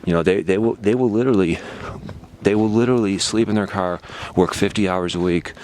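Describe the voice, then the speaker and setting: A man's voice: low voice, brisk, darkish tone, a little hiss or hum. A man delivering a heated, repetitive, sarcastic political rant, talking straight into his own camera. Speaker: political vlogger. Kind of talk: ranting monologue.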